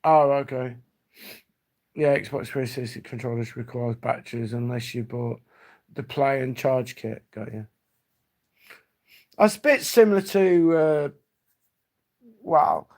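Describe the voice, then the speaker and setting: A man with a gravelly voice, hosting a live stream and chatting loosely. He rambles from memory to memory, his sentences trailing off as he goes. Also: medium pitch, animated, unhurried, long pauses, darkish tone. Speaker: livestream host. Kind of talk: casual reminiscing chat.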